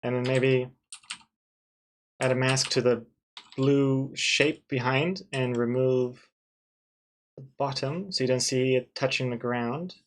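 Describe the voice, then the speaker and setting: A man streaming live as he works on a comic, talking casually with viewers and second-guessing his choices out loud. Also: mid-range voice, steady tone, takes it slowly, long pauses. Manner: thinks aloud, second-guesses himself, chatty with viewers. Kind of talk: casual live-stream commentary while drawing.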